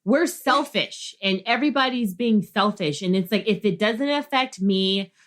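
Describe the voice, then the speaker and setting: A woman co-hosting a casual podcast chat, telling a story with lots of energy and cursing as she goes. Her voice sits at a medium pitch. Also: normal speed. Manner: animated storyteller, swears freely. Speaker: podcast co-host.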